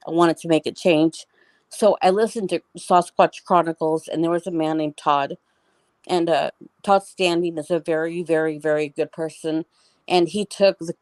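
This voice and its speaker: A woman's voice: low-pitched, a little mellow, no room sound. A middle-aged woman telling a story as an interview guest, in a rambling, casual way full of "like" and restarts.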